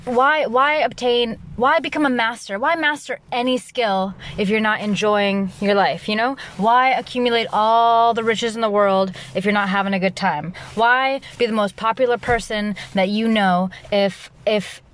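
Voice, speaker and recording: A young adult woman hosting her own podcast in a loud, rambling solo monologue, restarting sentences often and laughing at herself. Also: fairly high pitch, moderate pace, hardly any pauses. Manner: loud, animated delivery. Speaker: podcast host.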